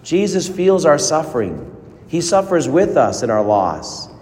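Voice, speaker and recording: A priest delivers an earnest sermon, his slightly high male voice rising for emphasis and pausing for weight. The sound rings with long reverb from a large church. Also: very animated, darkish tone. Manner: earnest preaching with dramatic pauses and rising emphasis.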